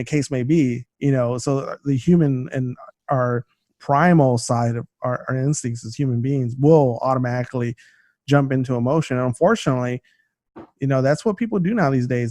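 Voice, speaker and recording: A man in casual podcast chat, speaking at a middle pitch. He rambles, circles back and restarts his thoughts, filling gaps with "you know." The sound is dry, with no room around it. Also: a little mellow, dry recording. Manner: rambling, many fillers and restarts. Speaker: podcast co-host. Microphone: studio mic.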